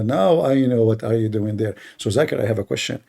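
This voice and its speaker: A man's voice: fairly high pitch, animated, a little fast, creaky, hardly any pauses, dark tone. A man hosting a live online debate, arguing in a sarcastic, combative way. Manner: sarcastic, argumentative. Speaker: debate host.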